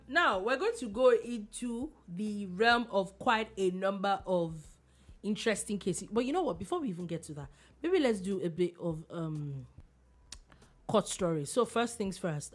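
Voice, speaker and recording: Nigerian lady co-hosting radio news chat, blunt, lively, mid pitch. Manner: blunt, lively, uses local phrases. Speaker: radio show co-host. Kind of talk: casual news discussion.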